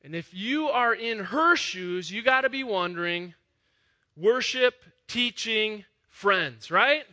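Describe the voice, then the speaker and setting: Bright-voiced man preaching a sermon. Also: sits high, animated, slow. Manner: conversational preaching, swings to loud emphatic peaks. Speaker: pastor.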